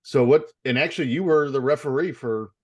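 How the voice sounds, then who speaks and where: A man's voice: medium pitch, a little fast, darkish tone. A man interviewing a guest, asking detailed fan-level questions in a casual tone and chuckling now and then.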